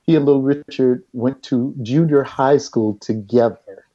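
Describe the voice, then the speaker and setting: A middle-aged man, a guest in a casual chat, telling stories in an animated way and often laughing. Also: mid-range voice, unhurried, dull audio.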